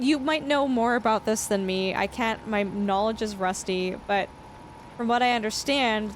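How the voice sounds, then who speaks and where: A woman's voice: a little high, slight background noise. A woman streaming a farming game, chatting casually and reading chat aloud. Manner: chatty, reads chat aloud, laughs often. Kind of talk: casual livestream chat while gaming.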